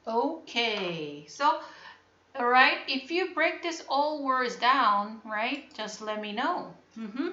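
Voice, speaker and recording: Slow, bright-voiced woman teacher. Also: on the high side, lively intonation. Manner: slow, repetitive, checking understanding. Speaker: English teacher. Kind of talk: online class teaching. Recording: muffled, echoey room.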